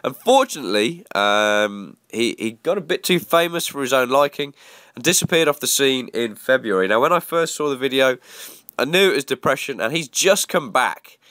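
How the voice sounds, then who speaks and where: A man's voice: mid-range voice, animated, moderate pace, sharp tone, dry recording, studio quality. A man with a congested cold voice, giving chatty, self-mocking gameplay commentary. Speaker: gaming YouTuber.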